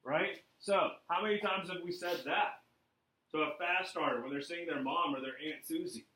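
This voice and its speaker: Energetic male sales trainer in an echoey room. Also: fairly high pitch, normal speed, far from the mic, a little hiss or hum. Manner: energetic, coaching, checks in often with "right?".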